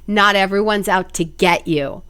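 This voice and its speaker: A woman's voice: mid-range voice, a little slow, fairly bright tone, clear, resonant tone. A young woman hosting a solo podcast, speaking bluntly and expressively, swearing freely and acting out inner voices. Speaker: podcast host. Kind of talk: casual solo podcast monologue.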